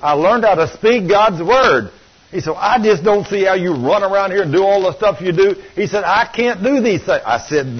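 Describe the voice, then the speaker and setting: An older man preaches with fervent, animated energy, slipping into acted-out quotes. His voice sits a bit high and husky. The recording is muffled and lo-fi. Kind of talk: sermon.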